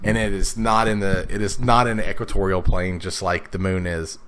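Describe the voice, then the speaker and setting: Gamer host, man, lower voice, raspy and congested, rambling gameplay commentary over faint background hum. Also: little pitch movement, moderate pace, a bit bright. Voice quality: raspy, congested from blocked sinuses. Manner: rambling, many fillers and restarts. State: sniffly, stuffed up. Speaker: let's play gamer.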